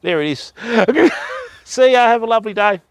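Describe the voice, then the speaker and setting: A man's voice: very high-pitched, lively intonation, normal speed, clean tone, no echo, clean studio sound. An older man with an Australian accent, hosting a fishing livestream in casual, rambling chat with jokes and the odd swear, outdoors by a river. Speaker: fishing channel host.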